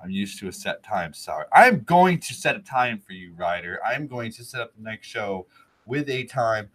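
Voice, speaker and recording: A man's voice: lowish voice, sing-song, normal speed, fairly bright tone, no room sound. A man hosting a live stream alone, drunk and rambling in a jokey, self-mocking way.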